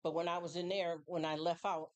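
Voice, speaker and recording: Chatty woman with a lowish voice. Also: level tone, brisk. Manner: chatty, rambling, many fillers and restarts; acts out other people's voices in quotes. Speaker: live stream host. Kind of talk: casual monologue to viewers.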